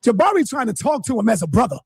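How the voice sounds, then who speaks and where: A man streaming live, commenting on a clip to his viewers in an animated, indignant way. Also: extremely high pitch, very fast, gravelly, slightly rough, no echo.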